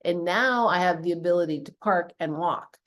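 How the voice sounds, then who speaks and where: A woman's voice: fairly low pitch, moderate pace, a bit bright. Chatty Southern woman fitness coach. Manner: chatty storyteller with many fillers. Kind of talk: casual group call talk.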